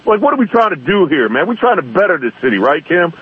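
A man's voice: on the high side, very animated, quick pace, slightly rough, no echo. A man calling in to a radio show by phone, ranting indignantly and fired up. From East Baltimore. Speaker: caller. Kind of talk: phone-in rant. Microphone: telephone. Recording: muffled phone line.

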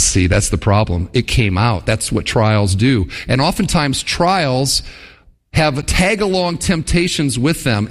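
A man, a church pastor, preaching a sermon to his congregation and asking them questions, his voice climbing as he presses each point. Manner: preaching with rhetorical questions to the congregation, pitch rising for emphasis. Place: church service.

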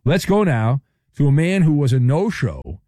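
A man's voice: fairly high pitch, sing-song, moderate pace, dark tone, dry recording, studio quality. A man hosting a talk radio show, teasing his callers in playful banter. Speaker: radio host.

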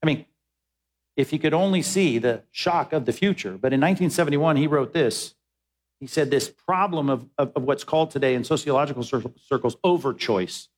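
Emphatic preacher with a higher voice. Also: male voice, a little fast. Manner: emphatic, repeats words when pressing a point. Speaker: pastor. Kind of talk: sermon.

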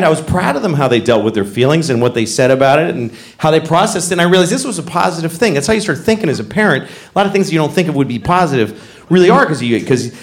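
A middle-aged man doing stand-up comedy, animated, often breaking into loud character voices. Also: a little high. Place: comedy club stage. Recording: echoey venue with noisy ambience.

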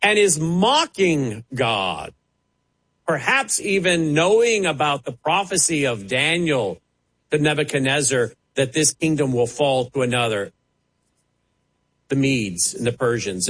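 A man delivering a televised sermon, his husky voice sitting a little high. He preaches with passion, his pitch swooping widely between sharp rises and sudden low drops. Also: very animated, measured pace, rough recording. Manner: impassioned, dramatic rises and drops.

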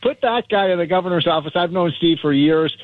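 A man calling in as a guest on a talk radio show, speaking emphatically with halting restarts. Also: sits high, no room sound. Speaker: guest commentator on a phone line. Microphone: phone. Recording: tinny phone line.

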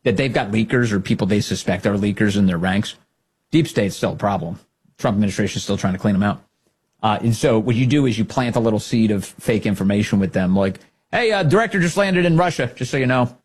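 A man's voice: on the low side, fairly quick, darkish tone, breathy edge. A man hosting a political commentary show, talking in a sarcastic, mocking way.

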